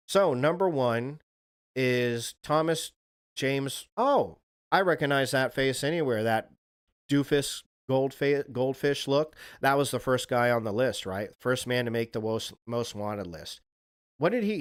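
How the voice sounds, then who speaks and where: A man's voice: medium pitch, no room sound. Male stream host, mid-range voice, dry close sound, loose profane storyteller. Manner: rambling, swears freely, laughs at his own stories. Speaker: livestream host. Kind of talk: casual storytelling to a livestream audience.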